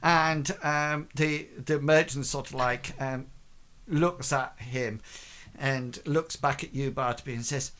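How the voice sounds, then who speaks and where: A man runs a tabletop game as game master, narrating at a slow pace. He rambles, leaning on lots of fillers like "sort of" and "like.". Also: medium pitch, steady tone, a bit bright.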